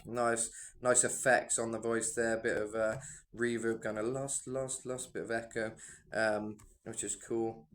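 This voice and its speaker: A man's voice: mid-range voice, flat delivery, a little slow, noisy background. A man who sings himself, giving rambling, enthusiastic reaction commentary full of fillers. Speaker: music reaction vlogger and singer.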